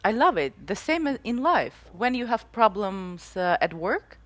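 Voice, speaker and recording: A woman hosts an interview, agreeing and encouraging. Her voice is mid-pitched and sounds dry and close. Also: big pitch swings, unhurried, no echo. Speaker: talk show host.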